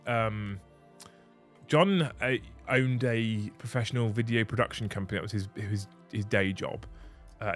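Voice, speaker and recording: A man's voice: medium pitch, fairly bright tone. A man in his thirties hosting a casual livestream from his home office, earnest and rambling, often restarting his sentences. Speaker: channel host.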